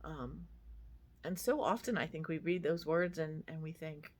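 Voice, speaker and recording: A middle-aged woman pastor with a somewhat low voice shares a devotional reflection. She talks in a loose, conversational way, full of fillers and friendly asides. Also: a little slow.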